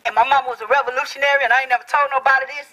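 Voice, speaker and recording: A man's voice: very high-pitched, steady tone, racing, a crowd in the background, poor audio. A man giving a fiery rally speech, telling stories from the podium at an outdoor protest. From Dallas, Texas. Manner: fiery, storytelling. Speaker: rally speaker.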